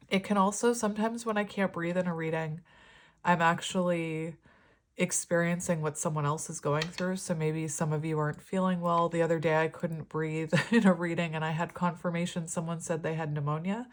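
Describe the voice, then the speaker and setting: A woman giving a casual, rambling tarot reading, chatting warmly and laughing often. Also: low-pitched. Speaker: tarot reader.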